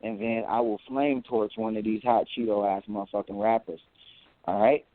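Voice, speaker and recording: A man talking as an interview guest, boastful and animated, who often repeats words as he goes. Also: on the low side, moderate pace, vocal fry. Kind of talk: casual interview talk. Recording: tinny phone-like audio.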